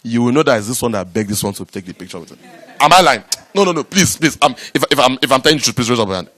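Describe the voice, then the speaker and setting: Animated man giving a startup talk. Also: mid-range voice, racing. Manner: animated, repetitive, rising to loud emphatic bursts. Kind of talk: motivational talk to a live audience. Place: event room with an audience.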